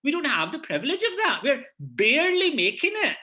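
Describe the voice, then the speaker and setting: Glasgow-accented man, earnest panel speaker, bright tone, repeats himself. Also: extremely high pitch, huge pitch swings, a little fast. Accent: Scottish, Glasgow. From Scotland. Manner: earnest, many repeated restarts. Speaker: panelist, head of university department. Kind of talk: conference panel discussion.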